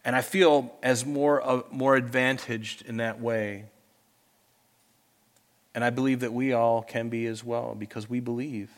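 A man's voice: medium pitch, steady tone, measured pace. Male pastor preaching in church, earnest, mid-range voice, dynamic delivery. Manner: earnest, swings between loud urging and soft asides. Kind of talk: sermon. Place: church with congregation.

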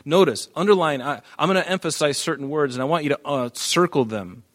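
A man's voice: fairly high pitch, a little fast. Emphatic man preaching a sermon. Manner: emphatic, rising and falling in volume, reads scripture aloud. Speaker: pastor. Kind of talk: expository sermon.

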